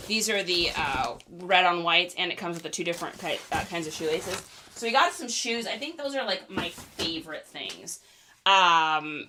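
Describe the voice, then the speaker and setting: A woman's voice: mid-range voice, pushed and bright. A woman chatting casually on a live stream about items she resold, bubbly and talkative, reading out viewer comments. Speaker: reseller streamer.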